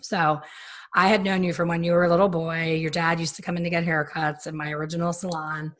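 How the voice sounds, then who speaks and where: A woman in her fifties, a hairstylist hosting a casual chat, telling stories in an animated way and acting out quotes. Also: lowish voice, fairly quick. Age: 50s. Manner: animated storyteller who acts out quotes. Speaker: hairstylist and podcast host.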